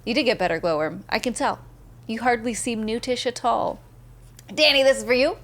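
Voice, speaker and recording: A woman's voice: on the high side, brisk, a bit bright. Bubbly woman streamer chatting with viewers. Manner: bubbly, laughs often, reads viewer messages aloud. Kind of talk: casual live-stream chat while gaming.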